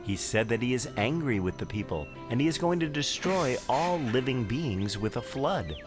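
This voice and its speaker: Man doing calm pious Noah for a kids' cartoon, earnest storybook read, lively pitch, music bed underneath. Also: moderate pace, lightly acted. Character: calm pious male biblical patriarch. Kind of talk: scripted children's cartoon narration.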